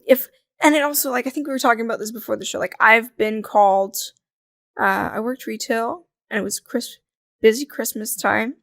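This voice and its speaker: A young adult woman chatting as a podcast guest, telling lively stories, acting out quoted voices and laughing often. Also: fairly high pitch, creaky, no room sound, studio quality. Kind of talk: casual conversational interview.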